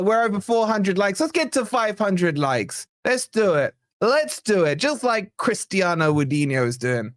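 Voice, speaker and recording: A high-pitched man calls a football match live for his fan channel, excitable and chatty. His voice sounds a little strained, and the dry, close sound leaves no room echo. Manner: chatty, excitable play-by-play with asides to chat. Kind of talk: live match watch-along commentary.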